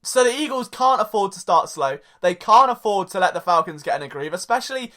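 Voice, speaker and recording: Young guy rambling on his sports podcast, bright voice, cracking jokes and cutting himself off. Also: high voice, animated, brisk. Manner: jokey, rambling, self-interrupting. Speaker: podcast host. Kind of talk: casual sports podcast monologue.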